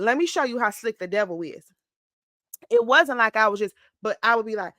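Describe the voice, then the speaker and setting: Expressive woman around forty, vlogging. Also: on the high side, a little fast, no echo. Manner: expressive, slips into mock-whiny voices when quoting her past self; emotional, close to tears at times. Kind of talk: casual confessional vlog.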